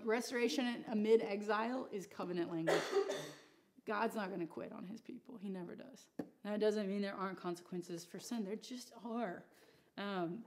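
A woman leads a Bible study in an easygoing, chatty teaching voice. Her pitch sits right in the middle for a woman. She jokes and makes asides to the people in the room as she teaches. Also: a little mellow. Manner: chatty and joking, with asides to the audience. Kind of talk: casual teaching talk.

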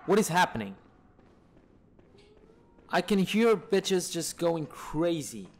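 Swearing at on-screen enemies in exasperation, a man narrates his own gameplay live as a let's-play gamer. His voice is a little high, sing-song, and slow, picked up by a desk mic with the camera off.

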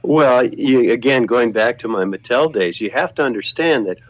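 An older man, a former business executive, recalling his career in a relaxed interview, full of anecdotes, repeated words and restarts. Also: mid-range voice, normal speed, no room sound, dull audio. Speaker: guest, former video game executive.

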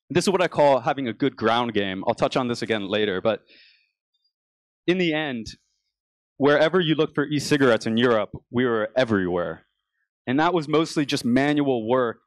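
A man's voice: medium pitch, no echo. Young American man giving a dry business talk. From United States. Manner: casual storytelling with frequent restarts. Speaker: conference speaker. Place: conference stage.

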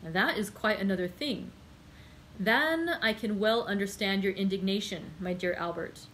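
In a low-quality recording with slight background noise, a woman reads a storybook, voicing a friendly male journalist. Her medium-pitched, natural, fairly bright voice moves at normal speed, calm, mild, courteous, and reasoning.

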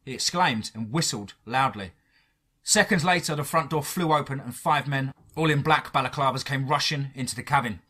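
A man narrating a first-person horror story in a dramatic, measured way. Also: medium pitch, pushed and bright, slightly rough.

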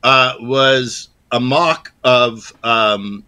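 Guy in his sixties, bright sharp voice, chill storytelling, fades out at the ends. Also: medium pitch, steady tone, very slow, clear, resonant tone. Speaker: guest, former child actor. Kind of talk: casual interview chat.

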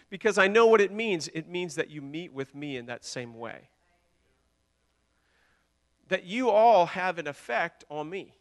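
A man preaching a sermon with passion, repeating words and swinging between loud declarations and hushed lines. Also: sits high, lively intonation, a little slow. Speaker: pastor.

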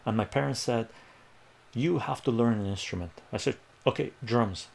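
Telling a story during a casual livestream, a middle-aged streaming math tutor rambles animatedly, laughs a lot and performs the voices of people he quotes. He has a creaky, medium-pitched voice and a moderate pace.

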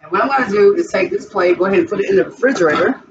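A woman's voice: mid-range voice, lively intonation, racing. A woman hosting a casual cooking vlog in her home kitchen, chatting the viewer through each step. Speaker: cooking channel host. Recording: distant, dull, noisy home recording.

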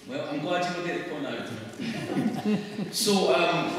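A man with a Scottish accent giving a public talk to an audience, conversational and wry, with quick laughs. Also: on the low side, a little hiss or hum. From Scotland. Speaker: speaker at a public event. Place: church hall. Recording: echoey hall recorded from far off.

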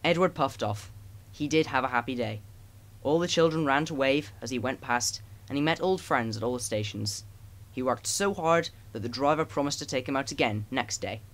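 A man narrating a children's storybook as an audiobook. He reads in a gentle, even storytelling manner, with a voice of ordinary middle pitch. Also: normal speed. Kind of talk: storybook reading.

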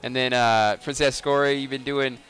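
A man's voice: medium pitch, fairly even intonation, normal speed, a bit bright, soft background music. A man in his twenties chatting casually on a game livestream, swearing freely, teasing his viewers and laughing often. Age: 20s. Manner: joking, profane, laughs often. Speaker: game streamer.

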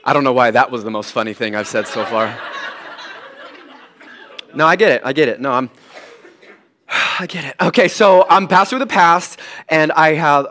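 A pastor, a man around his thirties, preaching a candid, self-deprecating sermon in an animated way. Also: a little high. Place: church sanctuary.

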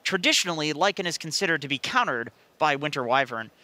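A man's voice: a little high, animated, fast talker, pushed and bright. A man analyzing esports picks on a live panel in a joking, rambling, self-deprecating way.

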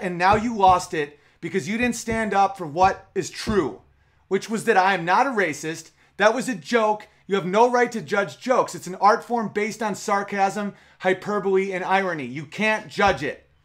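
A man's voice: high-pitched, a bit bright. A man in his thirties hosting a podcast, speaking in a heated, emotional monologue full of swearing. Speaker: podcast host.

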